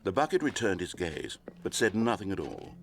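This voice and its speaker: A man's voice: deep voice, very animated, moderate pace, gravelly, full character voice. A man narrating a video game story in a dry, wry, scripted manner.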